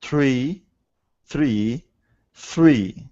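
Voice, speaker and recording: Very slow, deliberate man on a call. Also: medium pitch, warm tone. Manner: very slow, deliberate word reading. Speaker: student. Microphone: video call. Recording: muffled lo-fi call audio.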